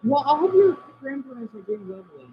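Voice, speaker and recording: A man chatting casually on a live stream from home, answering viewers' comments and often trailing off quietly. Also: extremely high pitch, very animated, fairly quick, slight background noise. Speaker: livestream host reading chat. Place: indoors at home by a window. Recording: dull lo-fi stream audio.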